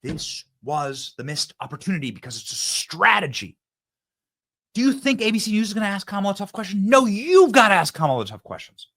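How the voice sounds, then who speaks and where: A man delivering a political monologue as the host of his own show, his voice sitting a little high for a man. He swings his pitch widely as he repeats his points and acts out lines from an imagined debate. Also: big pitch swings, fairly quick, fairly bright tone.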